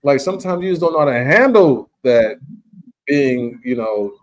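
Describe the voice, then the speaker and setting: A man's voice: medium pitch, expressive, normal speed. A man hosting a podcast, telling rambling, laid-back stories in casual chat. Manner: rambling, laid-back storytelling with frequent "you understand". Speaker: podcast host.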